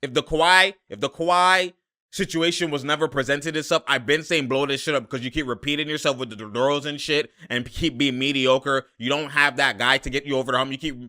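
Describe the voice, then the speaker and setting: A young man reacting live to a basketball game, exasperated and slangy, laughing and shouting at the plays. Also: mid-range voice, steady tone, brisk. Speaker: sports commentator reacting to a game.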